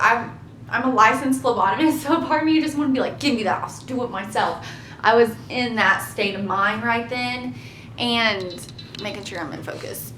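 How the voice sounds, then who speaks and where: A young woman casually telling her labor story to camera, chatty and animated, laughing at herself now and then. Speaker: vlogger. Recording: echoey room with faint rumble.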